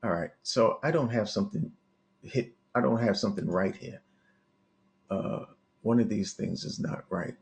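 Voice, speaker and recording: Halting man teaching forex live. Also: on the low side, expressive, creaky. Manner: thinks aloud while working charts, halting with restarts; coaching, talks straight to viewers. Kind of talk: live market analysis stream.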